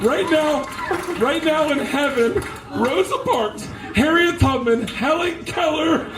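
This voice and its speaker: A man's voice: very high-pitched, slow pace, echoey room, distant mic. A man doing stand-up storytelling, rowdy and swearing, acting out the people he quotes. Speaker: stand-up comedian.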